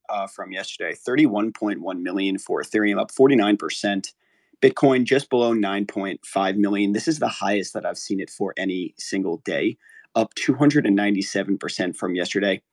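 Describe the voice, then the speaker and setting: A man with a lowish voice gives a relaxed podcast market update. He rattles off numbers in a dry, close recording. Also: normal speed, no room sound. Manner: relaxed, hedging, rattles off figures.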